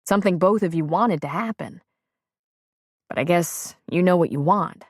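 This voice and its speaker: A woman voicing a frank, plain-spoken man on the phone in an audiobook, gently persuasive. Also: fairly low pitch, moderate pace, dry recording, clean studio sound, lightly acted. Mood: earnest. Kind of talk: audiobook character reading.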